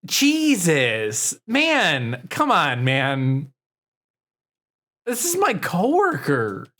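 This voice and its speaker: A man's voice: fairly high pitch, huge pitch swings, extremely slow, pushed and bright. A man co-hosting a comedy podcast, bantering casually, joking and swearing, often trailing off with fillers. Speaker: podcast co-host.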